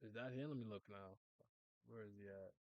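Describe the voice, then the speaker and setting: A man's voice: on the low side, a little fast, dry recording, muffled recording. A young man casually reacting to a manga chapter, joking, rambling and swearing as he reads.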